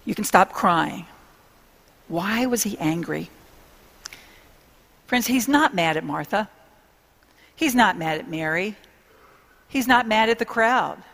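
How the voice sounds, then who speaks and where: A woman preaching a sermon, speaking to her listeners in an earnest, intimate way with hushed pauses. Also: medium pitch, in a large hall.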